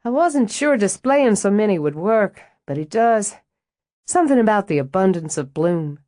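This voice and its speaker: A woman voicing a calm, self-assured older woman who owns the estate, speaking with quiet amusement. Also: medium pitch, normal speed, dry recording, studio quality, pitched above the performer's own voice, close to an everyday voice. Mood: amused.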